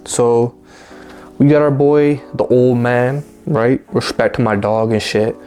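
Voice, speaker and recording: A man's voice: medium pitch, slow, dark tone, faint music behind. A man casually reviewing a book in a laid-back, slang-heavy and profane way, often checking in with his listeners.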